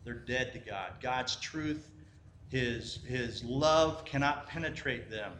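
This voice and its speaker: A Christian teacher gives an informal sermon, telling a parable conversationally and often checking in with "right?", with frequent restarts and fillers. His mid-range voice is slow and fairly bright, in an echoey room with faint ambient noise.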